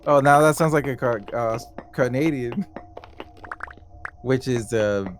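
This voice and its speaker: A man's voice: mid-range voice, measured pace, faint music behind. A man chatting casually on a game stream, joking and swearing freely with frequent laughs. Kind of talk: casual chat.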